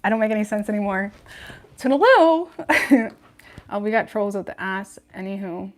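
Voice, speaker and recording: A woman doing a casual livestream tarot reading talks a little fast in a mid-range voice with little pitch movement. Her style is frank and chatty, heavy on "like" and "you know what I mean," with laughter between points.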